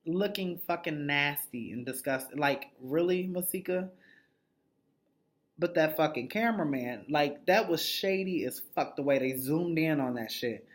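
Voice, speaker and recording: A man recaps a reality show episode in a loose, foul-mouthed way. He is blunt and gossipy and keeps acting out the lines of the people he talks about. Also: a little high. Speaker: TV recap reviewer. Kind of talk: casual, profanity-heavy reality show recap.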